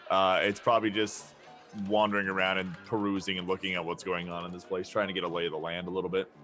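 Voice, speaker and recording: A man's voice: low-pitched, level tone, quick pace, a bit bright, faint music behind. A man playing a tabletop game, laid-back and thinking aloud. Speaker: player. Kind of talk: casual tabletop play.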